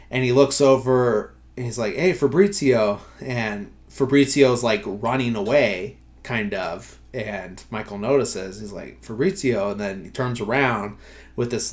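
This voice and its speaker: Podcast host, male, slightly low voice, loose filler-heavy recap delivery. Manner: rambling, filler-heavy, many "like" and "uh". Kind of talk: casual movie recap.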